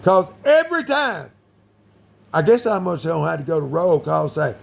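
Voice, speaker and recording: A man talking in a rambling monologue, full of fillers, with sudden loud bursts. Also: fairly high pitch, sing-song, normal speed, vocal fry.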